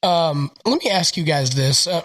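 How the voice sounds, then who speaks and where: A man's voice: a little high, moderate pace, a bit bright, no room sound, rough recording. Laid-back Southern man hosting a podcast. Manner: laid-back, storytelling with quoted voices. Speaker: podcast host. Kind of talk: casual podcast chat.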